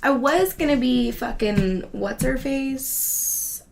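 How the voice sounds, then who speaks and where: Woman host, loose casual chatter, quick laughs, frequent swearing, recorded at home. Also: high-pitched, gravelly, a little hiss or hum. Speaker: show host. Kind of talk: casual monologue chat.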